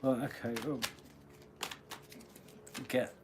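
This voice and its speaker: A man giving a live-stream tarot reading, thinking aloud as he draws cards and often clearing his throat. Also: mid-range voice, steady tone, a little slow, pauses often, darkish tone, slight background noise. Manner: musing aloud while drawing cards, frequent throat-clearing. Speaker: tarot reader.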